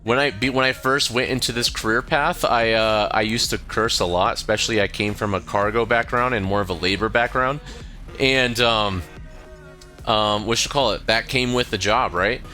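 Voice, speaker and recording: Casting: American man in his thirties, low-pitched and bright, rambling stream chat with lots of swearing. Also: moderate pace, faint music behind. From United States.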